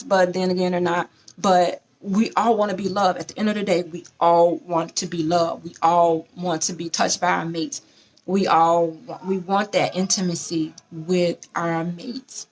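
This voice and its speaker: A woman hosting a relationship advice show, speaking in a lively, preachy way, often acting out other people's lines. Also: fairly low pitch. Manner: animated, preachy, acts out quoted voices. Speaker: host. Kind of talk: casual advice talk show.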